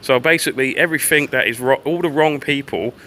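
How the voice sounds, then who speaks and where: A man's voice: mid-range voice, brisk, bright, forceful tone, a little hiss or hum. A man livestreaming a rambling, profane commentary while walking outdoors on a town street. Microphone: phone livestream.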